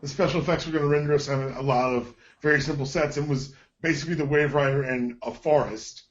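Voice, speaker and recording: A man joins a casual TV recap podcast in an easygoing, chuckling way. His voice sits somewhat high, and his audio comes through a bit dull and lo-fi. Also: steady tone, quick pace. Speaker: podcast co-host.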